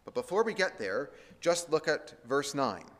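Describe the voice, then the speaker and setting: A man's voice: on the high side, big pitch swings, a bit bright. Man preaching in a reverberant hall. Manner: slows and lifts his voice to read scripture aloud. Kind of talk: Bible teaching sermon.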